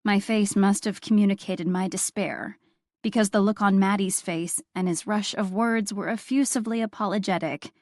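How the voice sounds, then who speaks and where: A woman reading a first-person novel aloud with wry, expressive storytelling. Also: mid-range voice, normal speed, dry recording, studio quality. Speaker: audiobook narrator. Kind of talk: first-person audiobook narration.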